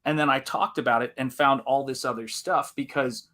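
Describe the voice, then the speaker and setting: A man hosting a live stream in casual chat, animated and laughing often, speaking in a General American accent. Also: medium pitch, normal speed. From United States. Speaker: livestream host.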